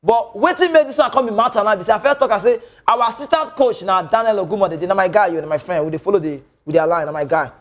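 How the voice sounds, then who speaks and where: Animated Nigerian man with high voice. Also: quick pace, few pauses. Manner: mixes Nigerian Pidgin into English, animated and rambling. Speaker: sports news presenter. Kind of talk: opinionated football news commentary.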